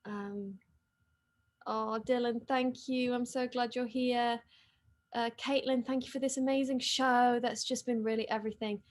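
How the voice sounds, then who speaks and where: A woman casually chatting with fans on a livestream from her home, excitable and reading comments aloud. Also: a little high, measured pace. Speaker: actress hosting a fan livestream. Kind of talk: casual live-stream chat reading comments. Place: living room at home.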